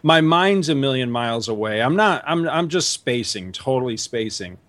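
Animated storytelling man, dry close sound. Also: moderate pace, no room sound. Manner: animated, acts out quotes with big pitch jumps and laughs. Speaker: podcast host. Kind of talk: casual storytelling chat.

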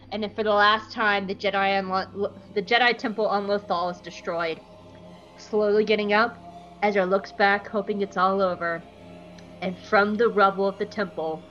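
On a podcast, a medium-pitched woman with a slightly bright voice goes over a cartoon episode in a relaxed, jokey way, putting on goofy voices whenever she quotes the characters. The audio has its highs cut off.

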